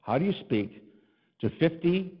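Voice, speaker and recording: A male pastor telling a personal story in a sermon, animated and self-deprecating, rising to exasperated cries to God. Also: a little high, measured pace, breathy edge, long reverb tail, dull audio.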